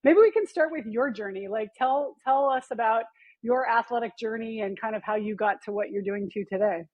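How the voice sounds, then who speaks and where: A woman hosts a casual interview in a husky, fairly high voice. She asks friendly questions and laughs along with her guest. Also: brisk, narrow, tinny audio. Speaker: podcast host.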